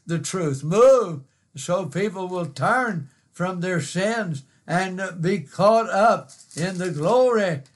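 A man's voice: sits high, animated, slow pace. A man preaching a fervent sermon, repeating phrases and rising to cries.

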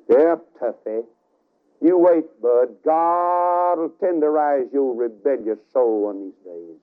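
A man preaching a revival sermon, telling a story dramatically with sudden swings between loud and soft, on a tinny radio broadcast recording. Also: mid-range voice, expressive, takes it slowly.

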